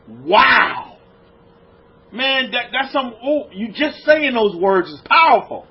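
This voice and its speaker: Husky high-voiced man preaching emphatically. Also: big pitch swings, slow pace. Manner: emphatic, rhetorical questions, swings from loud exclamations to low hushed lines. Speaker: rabbi teaching a congregation. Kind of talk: preaching a lecture-sermon. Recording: dull lo-fi recording.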